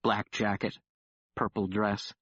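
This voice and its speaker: A man's voice: on the low side, level tone, takes it slowly, fairly bright tone, husky, no room sound. A man narrating an audiobook in the first person, telling the story wryly and dramatically. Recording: dull dry audiobook recording.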